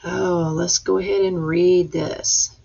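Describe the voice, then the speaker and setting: A woman's voice: lowish voice, flat delivery, slow pace, vocal fry, dark tone, breathy edge. A woman teacher leading a reading lesson for young children, patiently sounding out letters and words. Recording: dull lo-fi recording.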